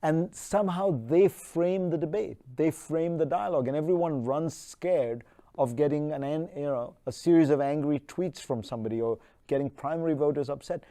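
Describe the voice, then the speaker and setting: A man as featured speaker at an online town hall, answering questions in a measured, thoughtful way with frequent restarts and fillers. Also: fairly high pitch, warm tone.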